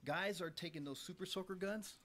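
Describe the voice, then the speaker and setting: A man in casual chat who explains his points in a measured way. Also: high voice, fairly bright tone. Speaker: podcast co-host.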